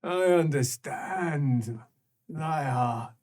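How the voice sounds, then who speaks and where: A game master voicing an ancient, trapped, secret-keeping creature that whispers low threats and breaks into cruel laughter. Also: very slow, darkish tone. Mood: mocking. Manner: low menacing whispers broken by cackling laughs. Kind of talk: improvised tabletop role-play.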